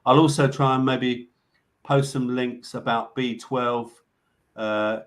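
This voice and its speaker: A man hosting a live online show, talking casually and haltingly with lots of fillers as he signs off. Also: mid-range voice, fairly even intonation. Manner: rambling, halting, many fillers and restarts. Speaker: show host. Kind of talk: casual live-stream sign-off chat.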